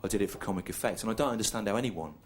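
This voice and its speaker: A man from England performing a live stand-up routine, deadpan and ironic, with halting self-corrections. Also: fairly low pitch. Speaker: stand-up comedian. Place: live comedy venue. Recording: noisy live stand-up recording.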